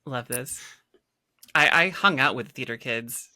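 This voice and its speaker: Joking co-host lady from minnesota, bright voice, dry close sound. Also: extremely low pitch, measured pace, no room sound. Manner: joking, playful moderator. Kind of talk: casual chat.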